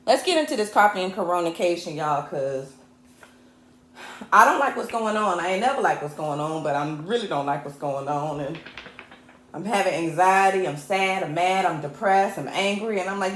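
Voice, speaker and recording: A woman's voice: lowish voice, expressive, moderate pace. Fired-up woman host, echoey room. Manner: impassioned and fired up, mixing jokes with anger; chatty, addresses viewers as y'all. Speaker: host and technical producer. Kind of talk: livestreamed talk show monologue. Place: home show set. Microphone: camera mic.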